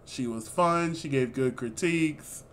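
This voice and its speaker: A man co-hosting a casual review chat, animated and exclamatory, with sassy asides. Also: mid-range voice, measured pace, a little hiss or hum. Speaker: co-host reviewing a reality show.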